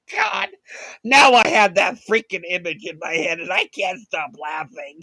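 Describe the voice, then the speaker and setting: A woman's voice: fairly low pitch, huge pitch swings, measured pace, creaky, pushed and bright, no room sound, low-quality recording. A woman reacting to clips with sarcastic remarks, often breaking into laughter. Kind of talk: reaction commentary.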